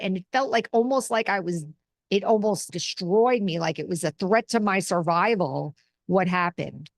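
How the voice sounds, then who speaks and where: A middle-aged woman hosting a casual spiritual talk, teaching in an earnest, conversational way and drawing on personal examples. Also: medium pitch.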